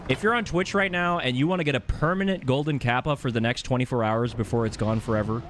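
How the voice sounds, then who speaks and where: Brief: man streaming a game, animated pitch, laughing and cursing, game music clear behind. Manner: laughing, swearing, joking reactions. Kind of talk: casual live-stream chat.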